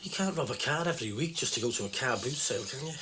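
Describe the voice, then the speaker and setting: An actor playing a fussy young flatmate in a TV soap, quick to bicker. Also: male voice, medium pitch, natural voice. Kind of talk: TV soap acting. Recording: old TV recording with hiss.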